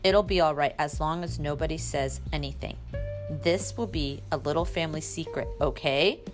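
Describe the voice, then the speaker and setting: A woman voicing a calm, good-humored father in a storybook reading, speaking in an unhurried, soothing way. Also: low-pitched, soft background music, lightly acted. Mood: reassuring.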